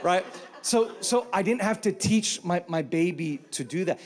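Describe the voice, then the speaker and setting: A pastor in his thirties delivers a sermon, telling stories with lively humor. His voice sits on the higher side for a man, and he swings between punchy jokes and quieter points. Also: normal speed. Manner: animated, humorous storytelling.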